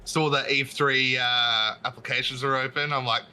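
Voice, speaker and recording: A man who is a podcast guest, telling a story in an animated, casual way with many restarts. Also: mid-range voice, moderate pace, slight background noise, low-quality recording.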